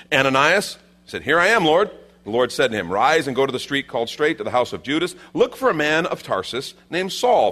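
A man preaching a sermon, swinging between loud, high emphasis and quiet, low asides. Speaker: pastor.

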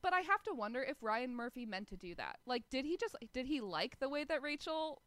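A woman's voice: high-pitched, very animated, fairly quick, fairly bright tone, no room sound. A woman co-hosting a casual chat about a TV episode, opinionated and wry. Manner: opinionated and wry, with laughs and asides. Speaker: podcast co-host.

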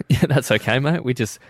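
A man with an Australian accent, hosting breakfast radio in jokey, animated banter. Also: medium pitch, measured pace, no room sound, clean studio sound. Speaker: radio host. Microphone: studio mic.

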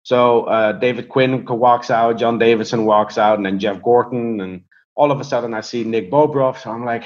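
Male guest, conversational and hesitant, even middle pitch, dull lo-fi recording. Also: a little fast. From Europe. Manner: hesitant, many fillers and restarts. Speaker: guest, hockey prospects analyst. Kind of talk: casual conversational storytelling and analysis.

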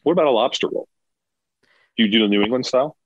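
A man's voice: mid-range voice, fast talker, dry recording. A man co-hosting a podcast in casual chat, emphatic and opinionated. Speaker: podcast co-host. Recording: dull lo-fi dry sound.

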